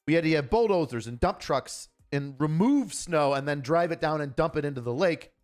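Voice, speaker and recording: A man's voice: fairly high pitch, lively intonation, normal speed, faint music behind. A man from Buffalo, a former cop giving casual, profane livestream commentary and telling stories in a blunt way. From Buffalo, New York. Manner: blunt, profane, storytelling with acted dialogue. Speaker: retired police officer commentating news.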